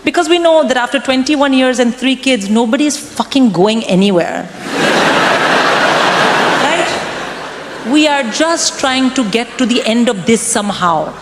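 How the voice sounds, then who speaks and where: A woman in her forties performing a stand-up comedy set, delivering wry, deadpan punchlines to a crowd. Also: high voice, unhurried, long pauses. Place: comedy club stage. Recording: live room with long reverb and background noise.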